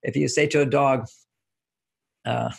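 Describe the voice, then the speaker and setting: A relationship author appears as a guest in a relaxed interview, explaining his ideas through homely anecdotes and chuckling along the way. His medium-pitched voice is creaky and slightly rough, with fairly even intonation and a somewhat slow pace.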